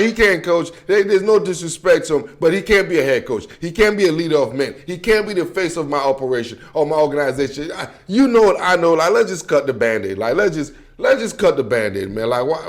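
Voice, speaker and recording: A man with a notably high voice delivers a casual sports rant straight to camera. He talks bluntly and with heat, using loose slang and repeating filler like "man" and "bro" at the end of lines. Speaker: football commentator.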